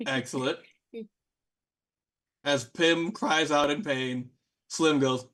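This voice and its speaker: Slow-talking, animated male game master. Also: fairly high pitch. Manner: animated, casual, many fillers. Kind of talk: narrating a tabletop game.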